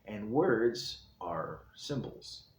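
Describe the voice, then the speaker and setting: Deep-voiced man musing in an echoey room. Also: sing-song, extremely slow. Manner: thoughtful, meandering explanation. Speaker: host. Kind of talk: casual reflective talk. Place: indoor room, seated in a chair. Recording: echoey room, faint background hiss.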